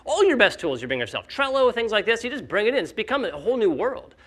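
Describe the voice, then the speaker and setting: A man speaking casually at a conference, animated and full of fillers, acting out the skeptics he quotes. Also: very high-pitched, fast talker. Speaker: company founder speaking at a conference.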